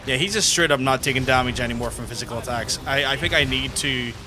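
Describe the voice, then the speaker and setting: Over music, a young man with a medium-pitched voice talks fast while streaming a game. His casual commentary is animated storytelling, laced with swearing and regular bursts of laughter.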